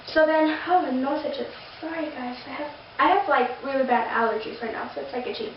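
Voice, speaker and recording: A woman's voice: sits high, brisk. A young woman vlogger rambling through a story, gushing and full of fillers and restarts. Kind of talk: casual storytelling to camera. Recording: very echoey, distant, dull lo-fi sound with faint noise.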